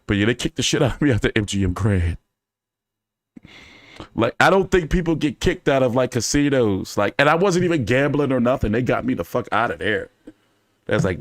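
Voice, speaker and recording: A man hosting a casual fan chat, telling stories in an animated, profane way with many fillers. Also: mid-range voice, fairly quick, dry recording, clean studio sound. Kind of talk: casual storytelling to a live chat.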